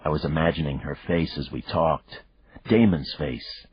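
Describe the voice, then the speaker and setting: A man reading a thriller audiobook in the first person, measured and reflective. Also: a bass voice, breathy edge, dry recording. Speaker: audiobook narrator. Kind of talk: first-person scripted narration. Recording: dull lo-fi dry recording.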